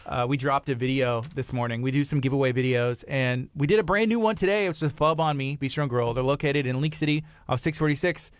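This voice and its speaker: A man's voice: mid-range voice, fast, few pauses, smooth, no echo. Chatty man co-hosting a radio show. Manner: chatty, laughs often, tells anecdotes. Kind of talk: casual morning radio chat.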